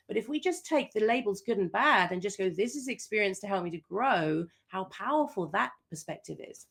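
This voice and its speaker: Brief: middle-aged woman coach, podcast guest, lively storyteller who acts out her quotes. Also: medium pitch, brisk, gravelly, hardly any pauses. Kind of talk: podcast interview.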